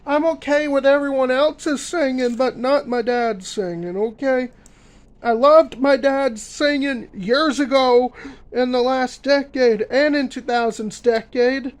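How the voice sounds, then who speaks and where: A young man ranting in a vlog, emphatic and repetitive, filling pauses with uh and um. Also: very high-pitched, poor audio. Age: young adult. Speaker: vlogger.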